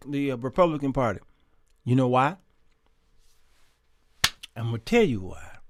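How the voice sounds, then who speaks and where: A man with a fairly high voice hosts a Christian talk show, recorded with clean studio sound and no room sound. He reads viewer comments and talks emphatically and conversationally, often repeating words.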